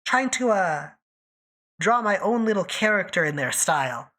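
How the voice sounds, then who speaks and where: Lively, teasing woman streamer. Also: mid-range voice, normal speed. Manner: chatty, teasing, talks to chat by name while drawing. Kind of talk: casual live-stream chat.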